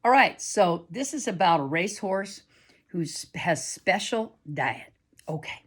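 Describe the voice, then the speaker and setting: A woman telling a personal story aloud to listeners in a chatty, animated way. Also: lowish voice, measured pace, slightly rough. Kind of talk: live oral storytelling.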